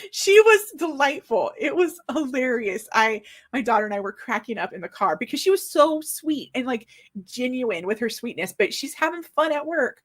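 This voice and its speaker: A chatty woman in her forties hosts a livestream for her new book. Her voice sits on the high side and bubbles with eager excitement. She rambles happily in the easy tone of a casual stream. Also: normal speed. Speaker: author hosting a book launch livestream.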